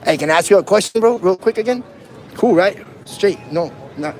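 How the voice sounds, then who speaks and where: A man's voice: high voice, animated, moderate pace, darkish tone. A man auditing police on a livestream, talking in a taunting, provocative, slangy way while filming on a handheld phone outdoors in a city. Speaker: first amendment auditor. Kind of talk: livestreamed street confrontation.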